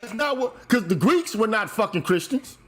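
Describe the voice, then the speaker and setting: High-voiced man lecturing hard. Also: expressive, normal speed, a bit bright. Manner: lecturing, emphatic, swears often. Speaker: show host. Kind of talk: heated profane monologue.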